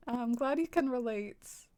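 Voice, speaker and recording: A woman's voice: a little high, takes it slowly, mellow. Giggly, chatty Southern woman streaming. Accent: light Southern American twang. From American South. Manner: chatty, giggly, filler-heavy with frequent "like". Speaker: game streamer. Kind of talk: casual stream chat, reading viewer comments.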